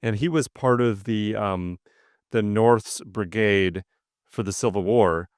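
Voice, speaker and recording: A man from Wisconsin with a Midwestern accent, talking casually as a podcast co-host. His voice sits low and sounds smooth and resonant, and the recording is dry and close. He tells his stories with eager enthusiasm. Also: takes it slowly, no echo. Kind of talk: casual chat.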